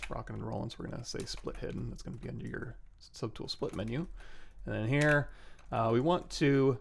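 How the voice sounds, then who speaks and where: Male livestream tutor, gravelly, casual step-by-step talk at a desk mic, keyboard clicks behind. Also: medium pitch, brisk, slight background noise. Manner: relaxed, talks through steps while working, self-corrects. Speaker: 3D sculpting livestream host. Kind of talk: casual software tutorial narration.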